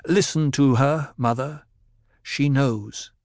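A man voicing a young man just out of a coma, his voice weak but steady. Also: mid-range voice, slow pace, dry recording, clean studio sound.

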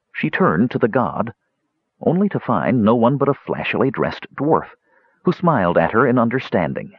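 A man narrating a fantasy audiobook with expressive, dramatic storytelling. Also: mid-range voice, normal speed, slightly rough, no room sound. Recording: dull lo-fi dry recording.

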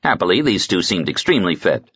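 A man narrating an audiobook in a dry, measured storytelling manner. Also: low voice, sing-song, a bit bright, breathy edge, no room sound, dull audio. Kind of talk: scripted narration.

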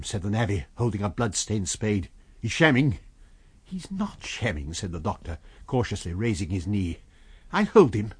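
Husky man reading a dramatic story. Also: mid-range voice, no echo. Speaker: audiobook narrator. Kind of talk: scripted narration.

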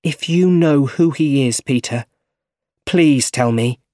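A man's voice: mid-range voice, takes it slowly, dark tone, no room sound, clean studio sound, voice pushed up, close to an everyday voice. A man voicing a proud young man who runs a company department, in a graded-reader audiobook. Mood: pressing. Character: young man, rich heir, bitter and driven.

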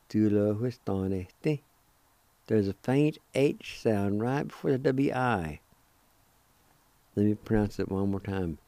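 Speaking a little slowly in a fairly low, dark voice, a man hosts a radio language lesson captured as a dry recording. He works through vocabulary patiently, spelling out every letter and repeating each pronunciation in a politely encouraging way.

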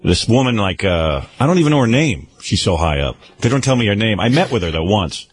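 A male radio host recounts a story in a lively, swooping voice, often breaking into laughter. He acts out every quoted person himself. It has the sound of a radio broadcast. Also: on the low side, fairly quick, husky.

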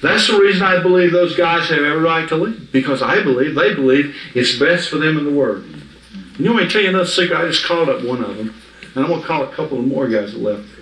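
A fast-talking man with a fairly high, expressive, fairly bright voice gives informal Bible teaching to a small group. He's emphatic and conversational and checks often that listeners understand, recorded from afar in an echoey room.

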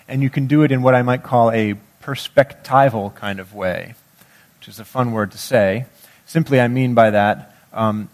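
A man preaching a sermon, reading scripture slowly and guiding listeners in a conversational way. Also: medium pitch. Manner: slow, measured scripture reading. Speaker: pastor.

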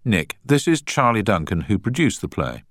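A man's voice: fairly low pitch, very animated, normal speed, fairly bright tone, no room sound, pitched above the performer's own voice. A man voicing a cool, witty young woman solicitor with curt, dry put-downs.

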